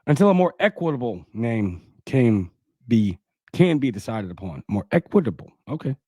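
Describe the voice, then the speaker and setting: A man's voice: mid-range voice, very animated, normal speed, dark tone, breathy edge, dry recording. Scornful ranting man with a Cajun accent. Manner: sarcastic, scornful ranting while reading an article aloud. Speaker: political commentary host. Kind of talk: solo political commentary show.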